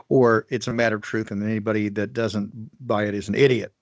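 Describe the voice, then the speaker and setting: A man talking in a casual podcast conversation, halting and full of fillers and restarts. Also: on the low side, fairly even intonation, no echo. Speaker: podcast guest. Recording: dry, dull lo-fi sound.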